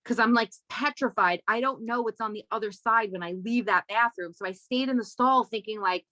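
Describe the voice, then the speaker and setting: A young adult woman guest telling a wild story in casual podcast chat, animated and swearing freely, jumping up high and loud when she quotes people. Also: a little fast, hardly any pauses, dry recording. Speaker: guest, comedy writer.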